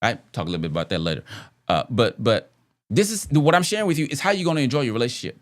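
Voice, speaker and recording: A man talking about relationships in a loose, conversational way. His pitch moves around a lot, and he often asks rhetorical questions and circles back to repeat phrases as he works out his point. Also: big pitch swings, rapid-fire. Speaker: podcast host. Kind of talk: casual relationship talk.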